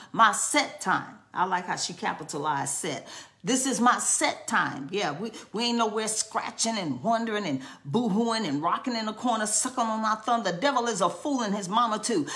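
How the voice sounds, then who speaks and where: A woman's voice: medium pitch, expressive, normal speed, a bit bright. A woman preaching a charismatic sermon, fervent and repetitive, breaking into tongues.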